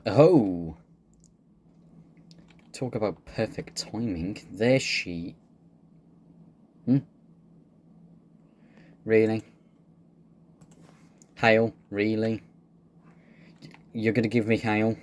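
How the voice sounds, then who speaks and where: A man's voice: lowish voice, darkish tone, a little hiss or hum. A man giving casual, joking gameplay commentary, laid-back and swearing freely. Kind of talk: casual let's-play commentary.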